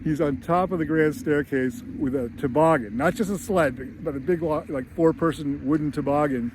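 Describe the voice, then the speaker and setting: A man who hosts a screenwriting channel, recapping a movie in an animated, casual way. He laughs often and acts out lines as he goes. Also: a little high, moderate pace, noisy background. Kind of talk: casual film recap and commentary.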